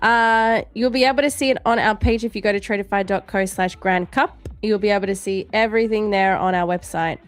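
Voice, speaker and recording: A woman's voice: mid-range voice, steady tone, a little fast, few pauses, faint music behind. A woman hosting a live trading stream, reading viewer comments aloud in a playful, teasing way and laughing often. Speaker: livestream trading show host.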